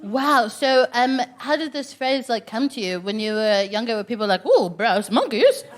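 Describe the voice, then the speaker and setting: Lively woman hosting a comedy club show. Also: fairly high pitch, normal speed. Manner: animated, laughing, exclamatory. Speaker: comedy host. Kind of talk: stand-up crowd work.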